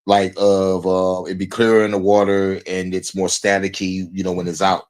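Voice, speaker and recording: A man's voice: deep voice, completely flat delivery, moderate pace, darkish tone. A man streaming and commenting casually on a video, rambling with lots of fillers and slang.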